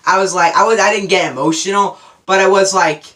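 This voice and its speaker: A man's voice: on the high side, steady tone, a little fast, bright, forceful tone. A young man giving a casual, unscripted movie review, rambling and correcting himself as he goes. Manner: rambling, self-correcting, enthusiastic.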